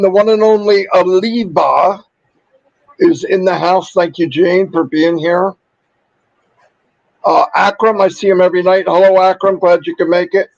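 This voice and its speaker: A man hosting a casual livestream, upbeat and chatty, rattling off viewer shout-outs while losing his voice. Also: high-pitched, dry recording, lo-fi sound. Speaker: livestream host.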